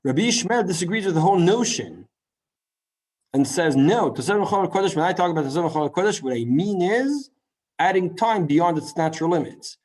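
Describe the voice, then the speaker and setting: A man teaching a Talmud class in a lively lecture style, full of rhetorical questions and quick asides. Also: high-pitched. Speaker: Torah teacher.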